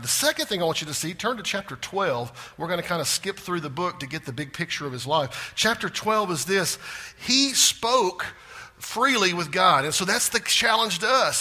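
A man preaching a sermon with big swings in pitch and loudness, sometimes dropping to a hushed voice for emphasis. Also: sing-song, moderate pace, slightly rough. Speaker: pastor.

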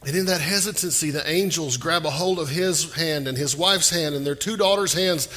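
Emphatic preacher, bright husky voice. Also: male voice, on the high side, moderate pace, hardly any pauses, in a large hall. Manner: animated, emphatic, asks the crowd questions. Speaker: pastor. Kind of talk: sermon.

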